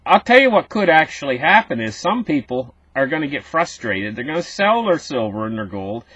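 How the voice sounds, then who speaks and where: A man's voice: fairly high pitch, sing-song, moderate pace, a bit bright, breathy edge, no room sound, muffled recording. A man hosting a casual market commentary, talking straight to his viewers and repeating himself as he goes. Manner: talks to viewers as "guys", repeats words, rambly.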